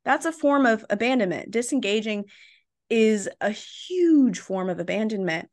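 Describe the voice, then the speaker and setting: A woman's voice: fairly high pitch, moderate pace. A young adult woman, a podcast guest, telling her own story candidly and tagging her points with "right?" and "like". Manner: animated, tags points with "right?" and "like".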